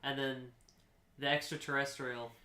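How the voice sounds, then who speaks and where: A young man co-hosting a casual comedy podcast, rambling through an improvised story with a deadpan delivery. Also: mid-range voice, unhurried. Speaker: podcast co-host. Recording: echoey room.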